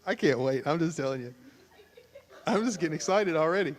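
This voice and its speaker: At the altar of a church sanctuary, a pastor hosts a couples game show, teasing and joking with the crowd. His voice is slightly high and a little fast with lively intonation, and the recording carries a long church-hall reverb.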